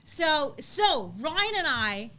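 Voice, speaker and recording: A woman in her thirties co-hosting a casual live chat, telling a story with lively acted-out quotes and frequent laughter. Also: high-pitched, drawn-out words. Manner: animated storytelling, acts out quotes, laughs often. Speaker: co-host.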